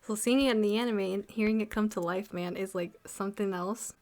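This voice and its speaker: A young woman co-hosting an anime review, chatting casually and excitedly with many fillers. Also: mid-range voice, brisk. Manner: excited, swearing, filler-heavy fan talk. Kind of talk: casual chat.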